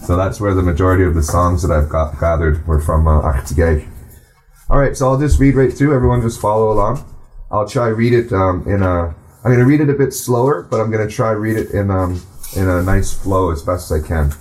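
A man teaching a class, speaking unhurriedly with many fillers and restarts, then reading aloud slowly to the group. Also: low-pitched, a little mellow, rough recording. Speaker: language and culture teacher.

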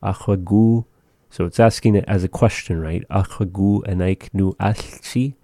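Male radio host, very deep and very dark voice, dry studio mic, patient phrase-by-phrase teaching. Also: no room sound. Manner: slow, careful repetition of phrases. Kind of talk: casual radio talk with language lesson.

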